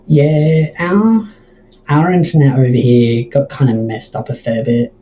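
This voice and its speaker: A man with a mild Australian accent, a guest in a casual stream chat, relaxed and dryly joking. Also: mid-range voice, unhurried, slight background noise. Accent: Australian, toned down. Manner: laid-back, dry joking. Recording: slightly dull lo-fi mic.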